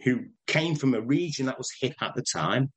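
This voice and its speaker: Older manchester guy chatting in an interview, husky voice, rambling stories, laughs a lot. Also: mid-range voice, animated, normal speed, low-quality recording. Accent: Northern English, Manchester. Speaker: interviewee, broadcaster. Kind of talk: casual interview chat.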